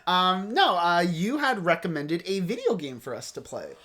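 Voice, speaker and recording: A podcast host with a high-sitting, sharp-toned voice speaks at a moderate pace and sounds very animated. Still, he's tired and laid-back in this casual chat, yawning, chuckling often, and leaning on lots of fillers.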